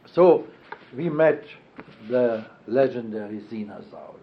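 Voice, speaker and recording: Older male interviewee, middle pitch, halting and self-correcting; muffled lo-fi tape. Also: expressive, a little hiss or hum. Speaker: oral history interviewee. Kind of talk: reminiscing oral history interview. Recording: dull lo-fi archival tape.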